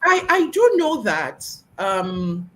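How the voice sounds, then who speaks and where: A woman's voice: mid-range voice, very animated, slow, rough recording. A woman hosting an interview who asks questions in an encouraging way, with frequent affirming murmurs. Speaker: host, interviewer.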